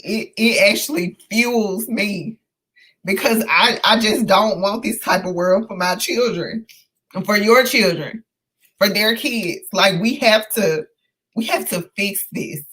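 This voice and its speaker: Woman host in her thirties, casual live-stream talk, slow, bright tone, heartfelt and halting. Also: medium pitch. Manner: earnest, impassioned, halting with many fillers and restarts. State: emotional, close to tears. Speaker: host of a live book discussion.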